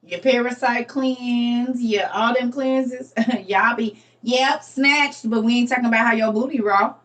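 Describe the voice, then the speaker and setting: A woman's voice: fairly high pitch, a little slow, fairly bright tone, recorded from a distance. Laughing, teasing woman with a slangy drawl. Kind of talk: casual commentary on a reading.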